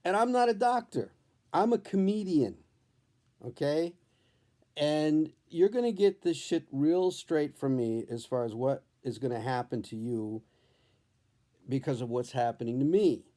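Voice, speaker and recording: A man who is a comedian, telling a personal story at home in a candid, profane, animated storytelling way. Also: on the high side, measured pace. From New Hampshire. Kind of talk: storytelling vlog. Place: his home, indoors.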